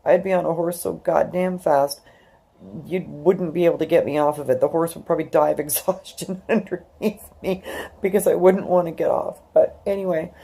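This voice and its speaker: A woman in her fifties with a low, gravelly voice and a warm, mellow tone. She talks to her viewers in a personal vlog, tearful and rambling, full of fillers and restarts. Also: fairly even intonation, normal speed. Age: 50s. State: crying. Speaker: YouTuber.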